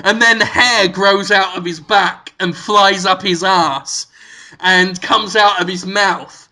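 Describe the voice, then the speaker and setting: A man co-hosting a comedy podcast, spinning an absurd story with giggles and sudden shouted bits. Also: sits high, fairly even intonation, takes it slowly, poor audio. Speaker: podcast co-host.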